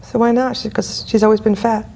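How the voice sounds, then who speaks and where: A woman's voice: on the high side, level tone, brisk, gravelly, warm tone. A woman guest hypnotist in an interview, telling client stories bluntly and emphatically. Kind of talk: interview storytelling.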